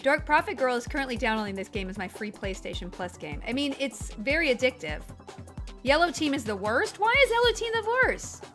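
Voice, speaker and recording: High lively woman yelling at a game she's streaming, swears a lot, bit of game music behind her. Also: fairly quick. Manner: excitable, yelps and swears at the game. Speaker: streamer playing a video game. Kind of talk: casual live-stream chat.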